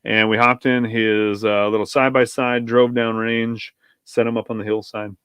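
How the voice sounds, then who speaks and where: A man's voice: fairly low pitch, little pitch movement, moderate pace, a bit bright, smooth, no room sound. A man, a pastor and podcast guest, telling a story in a casual, rambling way, often correcting himself and wandering off on tangents.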